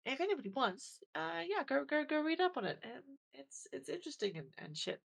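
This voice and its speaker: A woman with a gravelly edge to her voice, co-hosting a podcast. She rambles through her explanations in a casual, self-deprecating way, with plenty of fillers and restarts. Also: high voice, very animated, brisk. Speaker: podcast co-host. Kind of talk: casual chat.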